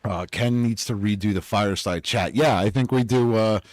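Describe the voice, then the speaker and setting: A man's voice: lowish voice, moderate pace, no room sound. Laughing podcast guy, shivering in the cold. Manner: laughs often, animated storytelling. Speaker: podcast co-host. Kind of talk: casual chat. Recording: dry cold lodge room.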